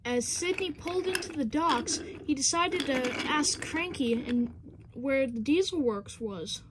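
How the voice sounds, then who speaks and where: A young woman reads out a homemade train story in plain, repetitive sentences. Her voice sits high. Faint clicks sound in the background. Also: expressive, measured pace, background noise. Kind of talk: amateur story narration.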